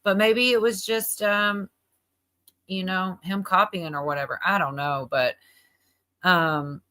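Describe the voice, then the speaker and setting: A woman hosts a livestream, chatting casually and rambling with plenty of fillers as she reacts to a video. Her voice is on the low side, slow, bright and forceful.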